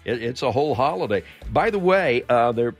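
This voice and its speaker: A man's voice: medium pitch, expressive, a little fast, soft background music. A man co-hosting a talk radio show, chatting casually with a rambling, stop-start delivery. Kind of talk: casual chat.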